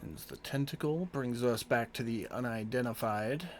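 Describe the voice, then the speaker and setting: A man's voice: medium pitch, normal speed, slight background noise. A man narrating as game master, calling out combat results.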